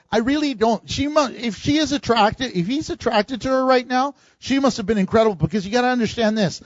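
High-voiced man preaching a sermon. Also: no echo. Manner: conversational preaching with chuckles and acted-out quotes. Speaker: pastor. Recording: dull lo-fi dry recording.

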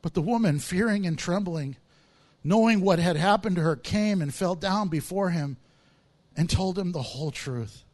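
A man's voice: high voice, normal speed. A man preaching a sermon, explaining words from the text and acting out the voices of people in the story. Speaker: pastor.

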